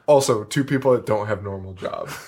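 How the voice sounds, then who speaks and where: A man's voice: on the low side, a little fast, a little mellow, breathy edge. A man co-hosting a podcast, chatting casually, rambling and swearing, often laughing. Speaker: podcast co-host. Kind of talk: casual chat.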